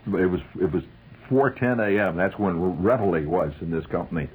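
Husky man spinning a wry army yarn. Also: sits low, moderate pace, low-quality recording. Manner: wry, animated, shouts out quoted calls. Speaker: storyteller. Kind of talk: comic army storytelling.

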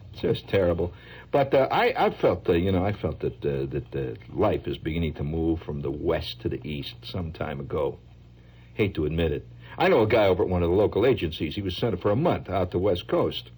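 A husky-voiced man holds forth on the radio in a rambling monologue. His pitch swings animatedly as he muses and wanders from thought to thought. The sound is that of a radio broadcast. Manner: lively, musing, slips into mock voices. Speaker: radio host.

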